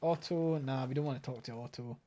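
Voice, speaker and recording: A man's voice: medium pitch, a little fast, mellow, highs cut off. A Scottish man casually commenting on a game while streaming live, blunt and sweary with a sardonic edge.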